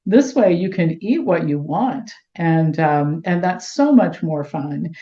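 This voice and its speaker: A middle-aged woman being interviewed, telling lively anecdotes and acting out the dialogue. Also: sits low, slow pace. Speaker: guest, health doctor. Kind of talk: storytelling in interview. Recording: roomy, dull lo-fi sound.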